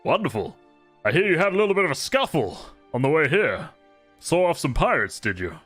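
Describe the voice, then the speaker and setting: A man's voice: fairly high pitch, very animated, a little fast, a bit bright, faint music behind, pitched above the performer's own voice. A man playing a cheerful, boastful male marshal in shining plate armor, with a jovial, theatrical, teasing way of talking.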